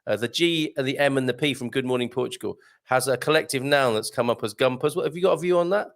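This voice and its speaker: A man's voice: medium pitch, quick pace. A man hosting a live online morning show, chatting and jokily reading viewer comments aloud. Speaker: host.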